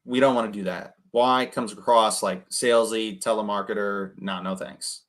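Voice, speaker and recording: A man casually coaching people on cold calling between phone calls, often tagging his points with a quick "right?". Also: on the low side, fairly even intonation, a bit bright. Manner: conversational, keeps adding "right?". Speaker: real estate wholesaling coach.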